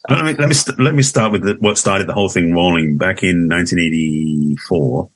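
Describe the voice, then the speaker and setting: Deep fast-talking English man. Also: no echo. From England. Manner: rambling, restarts often, laughs easily. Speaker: guest. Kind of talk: casual interview conversation.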